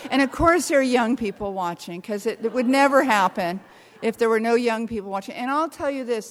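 Wry older woman telling stories in a hall. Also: fairly high pitch. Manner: wry, self-deprecating, animated storytelling. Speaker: speaker. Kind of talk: storytelling talk to a live audience. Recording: long hall reverb.

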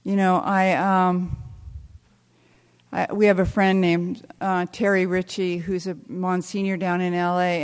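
An older American woman telling stories with wry humor, talking haltingly with many restarts. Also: medium pitch, in a large hall. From United States. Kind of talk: reflective storytelling talk.

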